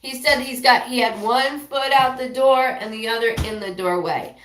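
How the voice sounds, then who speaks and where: A woman's voice: a little high, a bit bright, echoey room. Rambling, apologetic woman medium. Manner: rambling, apologetic, relays messages in quick bursts. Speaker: psychic medium. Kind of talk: live reading on a stream.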